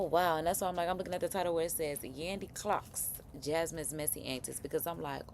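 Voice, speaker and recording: A woman hosting a livestream reaction chat, talking in a chatty, expressive way with lots of slang. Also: sits low, brisk, hardly any pauses, slight background noise. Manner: chatty and expressive, slang-heavy, frequent laughs.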